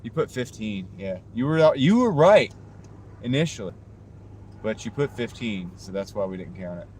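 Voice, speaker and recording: A man's voice: on the low side, normal speed, a little mellow, slight background noise. A man chatting casually with his live-stream viewers while he drives for a delivery app, wearing a clip-on mic in his car. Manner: chatty, talks to viewers' chat while driving. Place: inside a car on the road. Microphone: wireless clip-on mic.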